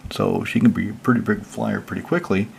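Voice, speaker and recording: Man, low voice, gravelly fry, casual deck walkthrough, chatty explainer, faint background hiss. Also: a little fast. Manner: relaxed, chatty, reads card text then explains it plainly. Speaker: channel host.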